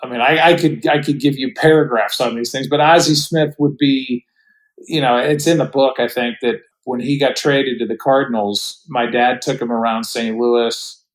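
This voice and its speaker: A man's voice: medium pitch, fairly even intonation, normal speed, low-quality recording. A middle-aged man, a guest on a podcast, telling stories in a reflective way with frequent restarts. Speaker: guest broadcaster. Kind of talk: relaxed podcast storytelling.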